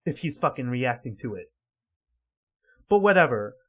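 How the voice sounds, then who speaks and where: A man's voice: medium pitch, very animated, moderate pace. A man livestreaming casual reaction commentary, rambling and swearing heavily in an exasperated way.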